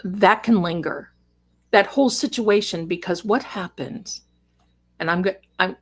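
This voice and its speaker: A woman hosting a casual livestream from home, chatting with viewers at a desk microphone, rambling warmly and calling them darling and sister. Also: medium pitch, measured pace, slightly rough. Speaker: livestream host and psychic reader. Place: home, cat on her lap.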